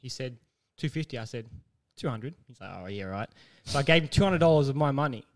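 A man co-hosting a casual podcast, telling a story with lively acted-out quotes and frequent laughter. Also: mid-range voice, fast talker. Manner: animated storyteller, acts out quotes, laughs often. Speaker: podcast co-host.

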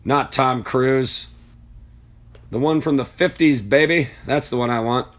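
A man's voice: mid-range voice, measured pace. Heated, foul-mouthed man ranting. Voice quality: blunt and heated, swears freely. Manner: rambling aside while searching online. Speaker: political commentator. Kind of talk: profane political rant.

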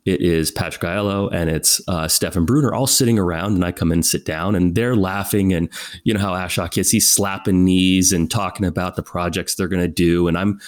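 Man, thirties, casual storyteller, slightly low voice, animated delivery. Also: fairly quick. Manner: animated, acts out quoted voices. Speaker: guest.

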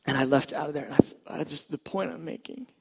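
A man telling a personal faith testimony in a conversational way, sometimes dropping to a hush. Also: fairly high pitch, fast talker, gravelly, breathy edge. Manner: conversational storytelling, drops to hushed tones at tender moments. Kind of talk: testimony story.

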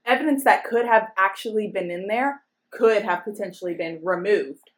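A woman's voice: medium pitch, moderate pace. A young woman co-hosting a casual podcast, telling a true crime story from her notes with chatty asides and giggles. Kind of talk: casual chat.

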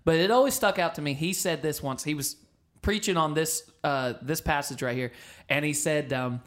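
Man, 30s, animated storyteller, casual chat co-host. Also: on the high side, normal speed. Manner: animated storyteller, acts out quotes. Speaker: podcast co-host.

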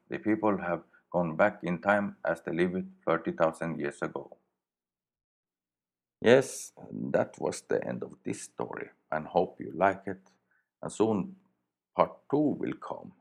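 Very deep-voiced Swedish storyteller. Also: male voice, vocal fry. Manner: halting, plain wording, many fillers. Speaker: podcast storyteller. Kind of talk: reading a story aloud.

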